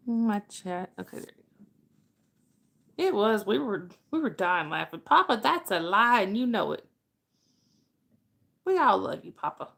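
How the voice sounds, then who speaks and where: A woman's voice: mid-range voice, lively intonation, measured pace, vocal fry, long pauses. A woman hosting a livestream, chatting casually with viewers and laughing often. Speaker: livestream host.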